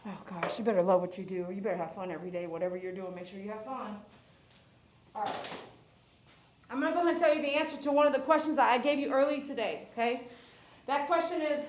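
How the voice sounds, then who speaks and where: A woman's voice: sits high, a little hiss or hum. A woman dog groomer chatting live with viewers while she works, cooing and baby-talking to the dog and breaking into cheers. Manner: coos and baby-talks to the dog, bursts into cheers. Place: grooming salon. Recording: echoey room.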